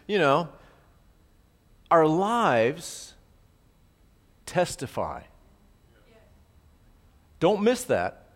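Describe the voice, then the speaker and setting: A middle-aged man preaches a verse-by-verse sermon in a relaxed, conversational way. He keeps turning to his listeners with quick asides and checks that they follow along. His mid-range voice carries a long reverb from a church hall. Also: mid-range voice. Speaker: pastor. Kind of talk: expository sermon.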